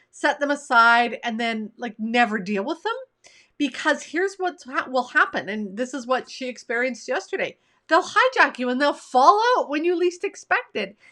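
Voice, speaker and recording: Woman leadership coach, high bright voice, chatty and expressive, talking right to you. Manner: conversational, warm direct address to listener. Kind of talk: motivational coaching talk.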